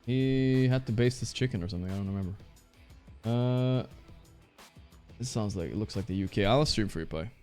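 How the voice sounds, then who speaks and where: A male streamer chatting casually while he plays, excitable and trash-talking, swearing often. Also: fairly low pitch, a little fast, long pauses, faint music behind. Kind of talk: casual live-stream chat while playing.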